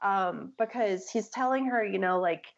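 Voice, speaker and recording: A woman's voice: mid-range voice, unhurried, vocal fry. A chatty woman co-hosts a fan podcast, gushing enthusiastically and peppering her talk with fillers. Her voice sits in a middle range, and the recording sounds a little dull and lo-fi. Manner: enthusiastic, animated, lots of "like" fillers. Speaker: podcast co-host. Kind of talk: casual chat.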